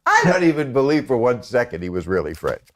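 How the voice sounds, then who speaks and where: A man's voice: mid-range voice, very animated, quick pace. A man in his sixties, a podcast guest, telling stories in a sardonic, mocking way during casual chat. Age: 60s. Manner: sardonic storyteller, slips into mocking voices.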